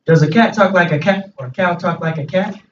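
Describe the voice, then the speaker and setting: A man's voice: high voice, brisk, fairly bright tone, a little hiss or hum. A man voicing a clever teenage boy who argues patiently in rustic dialect, recorded from a distance in an echoey room with a dull sound. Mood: reasoning. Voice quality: rustic dialect speech, plain reading voice.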